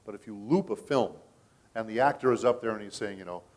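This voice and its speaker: A middle-aged man talks through a voice acting convention panel in a loose, storytelling manner. His voice sits a little low. He keeps pausing to ask the crowd "okay?" while he explains how the work is done. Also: darkish tone. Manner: storytelling, chatty, checks in with the audience with "okay?". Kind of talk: casual panel talk.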